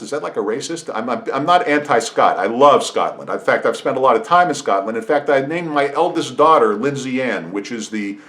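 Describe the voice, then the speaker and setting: A middle-aged podcast host delivers an opinionated monologue, often restarting and going off on asides. His voice is medium in pitch and a bit bright, captured on a podcast microphone.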